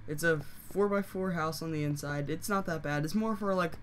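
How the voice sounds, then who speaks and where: Hoarse, rambling game tutorial host. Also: medium pitch, brisk, very noisy. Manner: rambling, self-correcting, many fillers. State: losing voice, hoarse. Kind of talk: casual screen-recorded tutorial.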